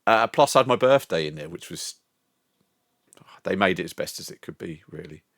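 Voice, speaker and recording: A man's voice: low-pitched, lively intonation, normal speed, a bit bright, dry recording, clean studio sound. An older man streaming from home, chatting casually with his viewers, rambling, swearing and laughing often. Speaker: live streamer. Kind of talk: casual chat with live chat.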